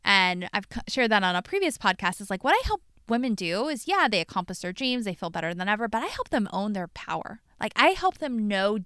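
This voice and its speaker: A woman's voice: mid-range voice, big pitch swings, fairly quick, few pauses, fairly bright tone, clear, resonant tone, no echo, studio quality. A woman hosting her podcast as a coach, telling a personal story in a candid, blunt, profane monologue.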